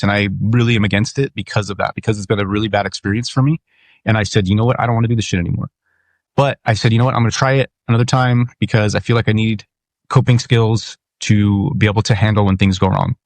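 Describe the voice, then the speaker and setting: A man's voice: lowish voice, no room sound. Candid, profane man podcasting solo. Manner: candid, profane, rambling with restarts. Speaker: podcast host. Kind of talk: casual solo monologue.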